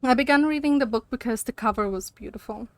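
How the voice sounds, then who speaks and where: A woman's voice: on the high side, quick pace, no echo. A young woman streamer chatting casually while gaming, ranting and laughing with frequent swearing.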